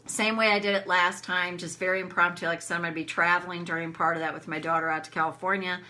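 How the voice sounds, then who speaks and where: A woman's voice: lowish voice, flat delivery, fast, sharp tone. A middle-aged woman coaching viewers in a casual live stream, chatty and rambling, often laughing. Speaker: tapping coach hosting a live session.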